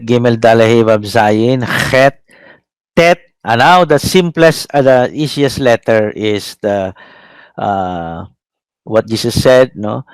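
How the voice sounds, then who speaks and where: A middle-aged man with a Filipino accent giving a classroom lecture, pausing often with fillers and checking in with "no?". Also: lowish voice, gravelly, dry recording, poor audio. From Philippines. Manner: halting, many fillers, checks in with "no?".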